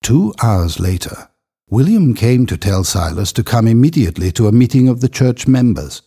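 A man narrating a story in a measured, expressive reading voice. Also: medium pitch, breathy edge. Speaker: audiobook narrator.

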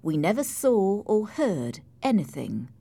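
Slow expressive woman narrating a story. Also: dry recording, studio quality. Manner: clear, measured storytelling with expressive pitch. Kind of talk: audiobook narration.

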